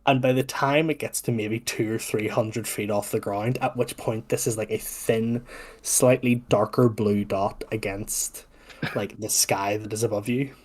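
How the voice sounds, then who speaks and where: A man's voice: fairly low pitch, steady tone, unhurried, darkish tone, slightly rough. Man narrating as game master. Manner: meandering, hedging with "like".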